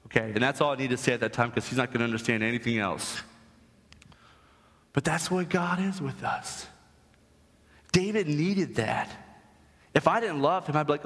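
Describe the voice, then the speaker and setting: A man's voice: medium pitch, moderate pace, a bit bright. A young adult man preaching a sermon as pastor, emphatic and rising to strong stress on key points. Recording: long hall reverb.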